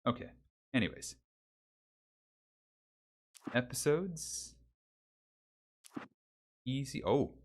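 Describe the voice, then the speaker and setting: Male streamer, low voice, animated delivery, rambling chat on a windsocked desk mic. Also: fairly quick. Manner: rambling, talks to chat, reads names aloud. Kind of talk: casual livestream chat. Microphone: desk mic with pop filter and windsock.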